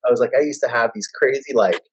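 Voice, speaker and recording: Man, band member, husky voice, casual profane storyteller who leaps into high quoted voices. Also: fast talker, poor audio. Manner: animated, swearing, jumps high to act out quotes. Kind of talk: casual storytelling among bandmates.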